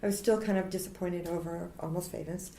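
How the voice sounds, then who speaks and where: A woman's voice: fairly low pitch, fairly quick, vocal fry, slight background noise. A woman in her forties telling stories from her career as an interview guest, laughing often and acting out what people said. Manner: animated, laughing, acts out quotes. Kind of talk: casual interview storytelling. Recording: roomy echo.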